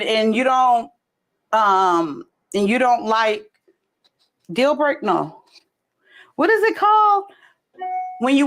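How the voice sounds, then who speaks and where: A woman. Her voice sits high and swings widely, jumping up when she gets excited. She takes her time as she talks. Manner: animated storytelling with laughter and big pitch leaps. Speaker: livestream host. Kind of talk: casual livestream chat.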